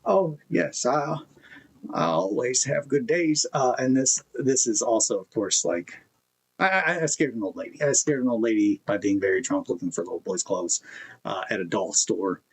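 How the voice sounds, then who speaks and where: Husky man telling a rambling story. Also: on the low side, moderate pace, low-quality recording. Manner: rambling, self-mocking anecdote telling. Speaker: streamer. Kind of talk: casual chat.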